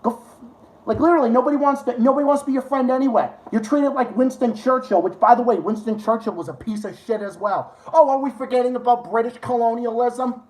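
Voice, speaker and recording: A man's voice: very high voice, fast talker, a little mellow. A man hosting a live stream, ranting to his chat with heavy swearing and sarcasm. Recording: roomy echo.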